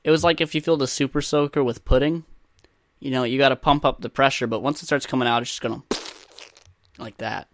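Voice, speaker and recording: A man's voice: mid-range voice, steady tone, quick pace. A man in his twenties hosting a podcast, telling rambling, profane, self-mocking stories in a casual way. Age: 20s. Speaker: podcast host. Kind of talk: casual crude storytelling monologue.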